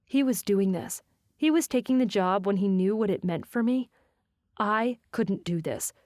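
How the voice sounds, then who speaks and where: A woman's voice: mid-range voice, animated, moderate pace, darkish tone, no room sound, studio quality. A woman narrating a romance novel in first person, with a wry, self-mocking inner voice. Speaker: audiobook narrator.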